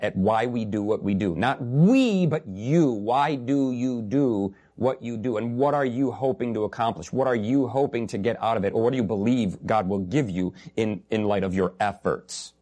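A male preacher delivering a sermon in an earnest, emphatic voice. He drives points home by repeating them and breaks in with wry, joking asides. His pitch sits in the ordinary middle range for a man. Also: a little mellow.

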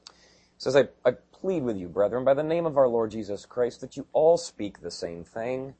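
A male pastor preaching a sermon in a conversational way, dropping quiet and then rising to emphatic bursts. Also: mid-range voice, expressive, normal speed, husky.

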